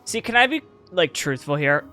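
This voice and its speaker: A man giving casual gameplay commentary as a streamer, excitable, swearing and riffing in mocking rants. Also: on the high side, moderate pace, faint music behind.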